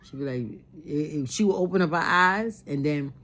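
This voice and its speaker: A woman's voice: sits low, lively intonation, moderate pace, fairly bright tone. A woman telling a personal family memory in an earnest way, often repeating herself as she recalls it. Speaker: storyteller.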